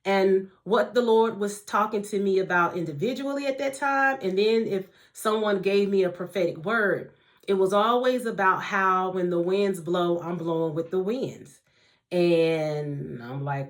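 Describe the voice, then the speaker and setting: A woman giving a casual devotional talk as a faith teacher, speaking to her listeners like family and moving between soft asides and emphatic lines. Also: mid-range voice, measured pace. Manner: warm conversational preaching, addresses listeners as family and honey.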